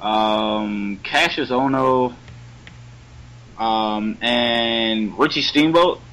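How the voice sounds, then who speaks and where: A man's voice: mid-range voice, extremely slow, a bit bright, rough recording. A man chatting casually about wrestling as a podcast co-host, laid-back and slangy.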